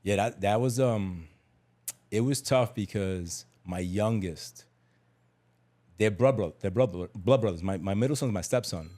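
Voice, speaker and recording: A middle-aged man with a lowish voice, speaking candidly in a podcast conversation. He is emphatic, drops street slang and repeats phrases for weight. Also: unhurried, mellow. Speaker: podcast guest.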